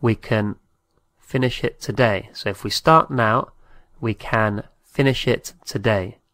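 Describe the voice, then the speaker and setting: A man teaching a language lesson, saying each phrase slowly and repeating it, sometimes spelling words out letter by letter. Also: lowish voice, fairly bright tone.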